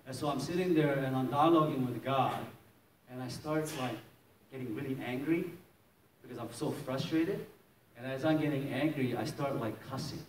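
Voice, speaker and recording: During a sermon, a pastor from Maryland, USA, recounts his testimony with lively storytelling, acting out scenes and frequently laughing. He has a medium pitch and moderate pace, heard through a distant mic with roomy echo and faint noise.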